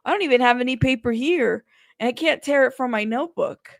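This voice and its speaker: A woman's voice: high-pitched, fairly quick, gravelly, no echo, studio quality. A woman hosting a casual news livestream, chatty and greeting her viewers one by one by name.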